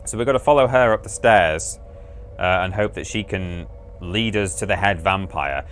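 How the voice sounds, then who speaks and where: Speaking at normal speed in a deep, slightly bright voice, a man hosts a livestream while playing a game. His commentary is casual and amused, full of rambling and self-corrections, over faint game music and a little hiss or hum.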